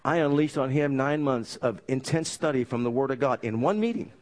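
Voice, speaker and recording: A man preaching a sermon, telling his story with lively energy and asking the congregation for amens. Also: mid-range voice, brisk. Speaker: pastor.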